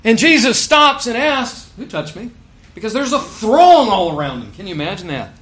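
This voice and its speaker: A man preaching a sermon, swinging between loud emphasis and quiet asides and asking his listeners rhetorical questions. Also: high voice, very animated, moderate pace.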